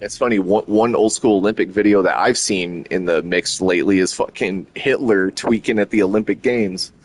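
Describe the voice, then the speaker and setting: A low-pitched man chats casually on a stream. He rambles and swears freely, his talk running hot with excitement. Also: moderate pace, a little hiss or hum. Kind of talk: casual chat.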